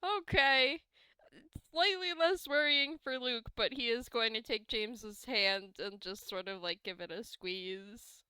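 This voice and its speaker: A woman playing a tabletop game, describing her character's actions gently. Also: a little high, unhurried, clear, resonant tone, dry recording. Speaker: player.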